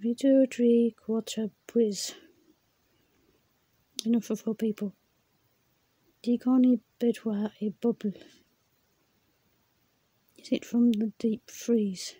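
A woman slowly reading words from her exercise book, repeating them, stumbling and laughing at her own attempts. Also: on the high side, fairly even intonation, warm tone, slightly rough, no room sound. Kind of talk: slow read-aloud vocabulary practice.

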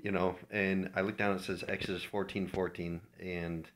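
A man with a deep, low voice speaks to his church family in an informal devotional. He is from Minnesota and talks in an earnest, heartfelt way, as if sharing a personal testimony. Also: level tone, moderate pace, a bit bright. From Minnesota, USA.

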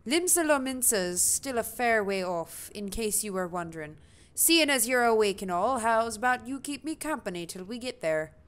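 A woman's voice: fairly high pitch, animated, fairly bright tone, smooth. A woman voicing a chatty male ship peddler, reading his lines with a shaky attempt at a British accent. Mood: folksy. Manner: reading the lines aloud with a halting put-on accent.

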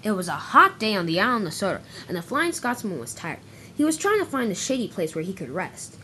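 A woman's voice: mid-range voice, very animated, brisk, pushed and bright, slight background noise. A woman narrating a toy-train story, often stumbling and correcting herself as she reads. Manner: stumbling, self-correcting reading.

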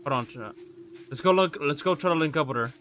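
A man's voice: fairly high pitch, quick pace, fairly bright tone, a little hiss or hum. A man streaming a game live, swearing and exasperated, who keeps calling out for his teammate. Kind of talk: live gameplay commentary.

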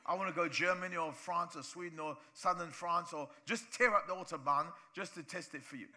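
A male pastor from preaching a sermon in church, animated, acting out voices of people he talks about. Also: fairly high pitch, a little fast.

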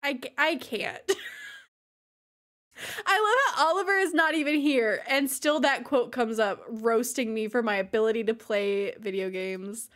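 Chatting on her live gaming stream, a young woman with a slightly high, fairly bright voice and measured pace plays a life-sim game. She greets chat with frequent exclamations and bursts of helpless laughter.

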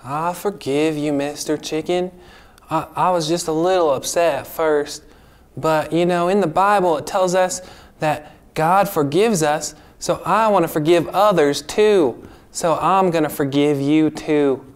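A man voicing an eager young boy puppet in a children's church skit, earnest and apologetic and quick to get upset. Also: on the high side, lightly acted. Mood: sincere.

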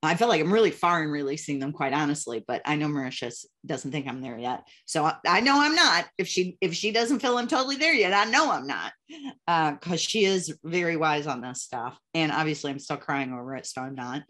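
Older female host, deep-ish voice, warm candid chat over a video call. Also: fairly quick. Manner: emotional, laughs often, animated retelling. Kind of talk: casual interview chat.

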